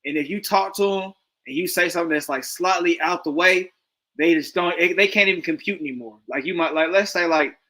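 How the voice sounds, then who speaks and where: A man's voice: a little high, brisk, bright, forceful tone, low-quality recording. A man giving loose, rambling commentary with lots of slang and fillers. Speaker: stream host reacting to a debate. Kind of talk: casual commentary.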